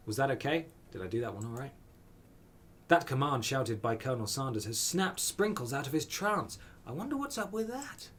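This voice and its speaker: A man's voice: medium pitch, very animated, normal speed, breathy edge. A man streaming a dating game, reading the text aloud with playful, wry asides.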